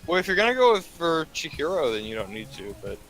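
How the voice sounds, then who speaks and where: A man's voice: fairly high pitch, big pitch swings, quick pace, fairly bright tone, faint music behind, low-quality recording. A sleepy man in casual gaming chat, explaining game mechanics to his co-host with lots of ums and restarts.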